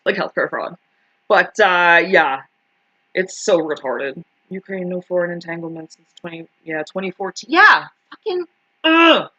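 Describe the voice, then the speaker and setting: Canadian lady ranting on her vlog, swears a lot, sarcastic, super lively up and down voice. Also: on the low side, unhurried, muffled recording. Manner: profane, sarcastic, laughs while ranting. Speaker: channel host.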